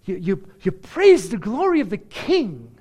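A man preaching a sermon, building to excited, emphatic peaks. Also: high voice, unhurried. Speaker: pastor.

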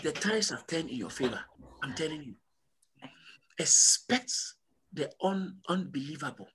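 A male pastor preaching with an emphatic, repetitive drive that swells into call-and-response. His voice sits high and sounds husky. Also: expressive, a little slow, a bit bright. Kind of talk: sermon.

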